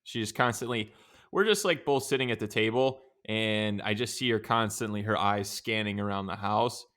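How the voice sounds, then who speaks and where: A young man co-hosting a podcast, telling a relaxed, rambling story in casual chat with plenty of swearing. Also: on the low side, normal speed. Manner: laid-back storytelling with frequent swearing. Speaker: podcast co-host.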